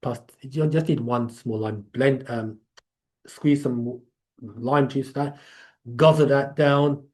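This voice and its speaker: An English man hosts a live question-and-answer session at a medium pitch. He talks casually and rambles, circling back and restarting as he explains. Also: fairly even intonation, slow, mellow. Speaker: host of a live Q&A.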